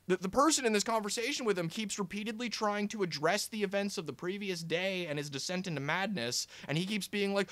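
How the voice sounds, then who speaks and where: A young man ranting casually about a film he reviews, animated and exasperated, swearing often and full of fillers. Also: high-pitched, a little fast, no room sound. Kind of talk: casual movie-review rant.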